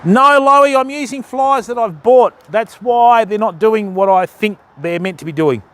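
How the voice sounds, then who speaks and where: A man's voice: high-pitched, a little slow, fairly bright tone. An Australian man hosting a live fishing stream outdoors, chatting and joking with his viewers while he casts. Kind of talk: casual live-stream chat.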